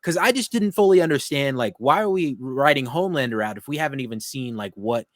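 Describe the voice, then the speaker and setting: A young man hosting a podcast, reviewing a TV episode in an excited, casual way and swearing freely. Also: medium pitch, a little fast, dry recording, clean studio sound. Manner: animated, gushing, swears freely. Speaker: podcast host.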